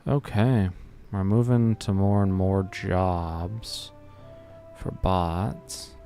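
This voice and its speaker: Brief: unhurried male streamer, muses aloud over gameplay, faint music behind. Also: low voice, fairly even intonation, mellow. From Greek family background. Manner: rambling, talks to himself while playing. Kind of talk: casual gameplay commentary.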